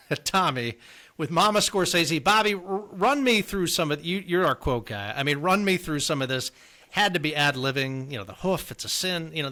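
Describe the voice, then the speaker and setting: A man's voice: fairly high pitch, bright, forceful tone. A man co-hosting a casual movie podcast, enthusiastically prompting his co-host with questions.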